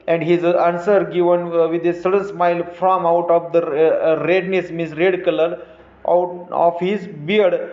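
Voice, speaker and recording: A man with a high voice and an Indian English accent reads a story aloud to his students, stopping again and again to explain words. He talks slowly and haltingly, with many fillers and restarts. The recording is dull and lo-fi, in a roomy space. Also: slight background noise. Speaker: teacher.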